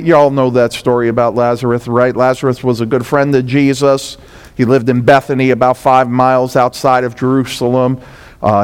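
A man's voice: mid-range voice, clean tone, big-room sound. A man with a New York accent preaching a sermon as pastor, telling the story in a conversational way and acting out what the people in it said, growing more intense as he goes. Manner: conversational preaching, dramatized quotes, rising intensity.

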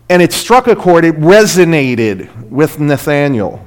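A man's voice: a little high, big pitch swings, moderate pace, few pauses. Emphatic, conversational male preacher. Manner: conversational, emphatic, asks the audience "right?". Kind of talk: short sermon on scripture.

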